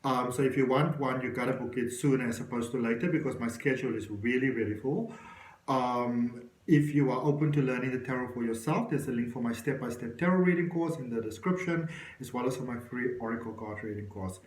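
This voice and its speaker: A man's voice: mid-range voice, fairly quick, echoey room, poor audio. A man giving an encouraging tarot reading, talking straight to the viewer. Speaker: tarot reader.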